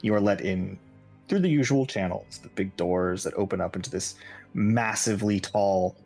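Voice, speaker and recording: A man with a fairly low voice, narrating a tabletop game in a relaxed, descriptive manner with plenty of "like" and "uh". Soft music runs underneath him. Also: moderate pace, vocal fry. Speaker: game master.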